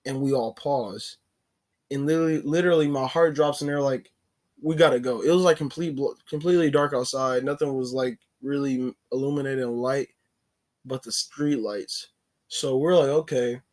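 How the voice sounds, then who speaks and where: A man recounts a story in a loose, casual way, his voice sitting at an ordinary middle pitch. He fills the telling with "like" and often stops to correct himself partway through a sentence. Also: moderate pace, darkish tone. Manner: rambling, many "like" fillers and self-corrections. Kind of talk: casual story-time narration.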